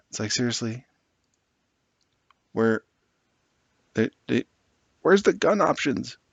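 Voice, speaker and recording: A man's voice: medium pitch, expressive, very slow, gravelly, pauses often, a bit bright, breathy edge, no echo. A man rambling sarcastically and with exasperation as he builds a tabletop wargame army list, swearing now and then. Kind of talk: casual commentary while building an army list.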